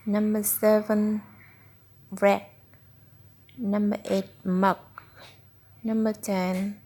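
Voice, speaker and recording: A woman slowly reading out a children's phonics book word by word, tutoring a child. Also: medium pitch, flat delivery, dark tone, a little hiss or hum. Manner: slow, deliberate word-by-word reading. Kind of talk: slow phonics read-aloud for a child.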